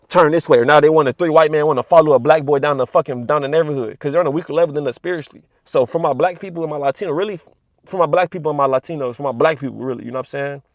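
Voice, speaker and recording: A man's voice: fairly high pitch, no room sound, clean studio sound. A young man ranting casually to camera about spiritual energy, profane and repetitive, full of street slang and "you know what I'm saying.". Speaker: spiritual vlogger.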